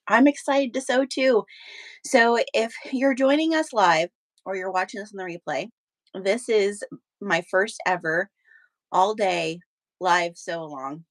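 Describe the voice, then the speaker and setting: A woman's voice: lowish voice, dry recording. A woman hosting a live sewing stream, chatting casually with viewers while she has the hiccups. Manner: chatty, many fillers and restarts. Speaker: sewing livestream host.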